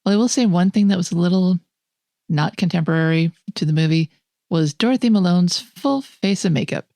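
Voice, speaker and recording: A woman's voice: on the low side, a little fast, mellow, no room sound, clean studio sound. A woman co-hosting a film podcast, talking in an enthusiastic, opinionated way and laughing often. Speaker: podcast co-host. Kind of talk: casual film review chat.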